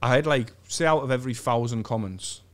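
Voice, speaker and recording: A man's voice: mid-range voice, a little fast. A young man, a comedian, telling a sweary story in a casual chat, with frequent restarts. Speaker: comedian guest. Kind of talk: casual anecdote.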